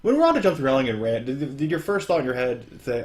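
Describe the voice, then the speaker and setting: A man's voice: medium pitch, very animated, quick pace, darkish tone. A man in easygoing podcast chat with dry, self-mocking humor. He rambles from one complaint to the next in a loose, offhand way. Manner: wry, self-deprecating, rambling. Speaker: podcast co-host. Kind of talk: casual chat.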